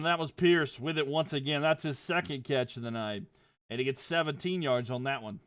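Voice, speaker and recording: A young man provides casual play-by-play commentary on a livestream. On big plays his voice rises, gets louder and quickens, and it drops low when he chats with viewers.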